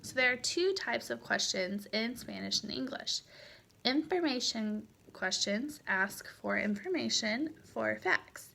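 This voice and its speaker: A woman's voice: fairly high pitch, animated, a little slow, creaky, sharp tone. A woman teaching a Spanish lesson in a recorded lecture, explaining patiently with frequent fillers.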